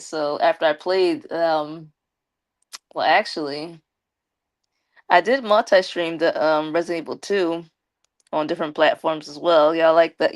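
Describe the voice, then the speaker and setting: A woman live streamer with a slight lisp and a gravelly, fry-edged voice that sits a little low. She chats loosely and directly with her viewers, calling out shout-outs as she goes. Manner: chatty, talks straight to viewers, gives shout-outs. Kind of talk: casual live-stream chat.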